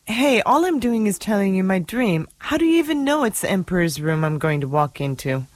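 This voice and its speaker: A woman's voice: mid-range voice, sing-song, brisk, no echo, close to an everyday voice. An actress playing a woman who recounts her dream in a plain, matter-of-fact way. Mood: indignant. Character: adult woman telling her dream, indignant. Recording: music playing behind.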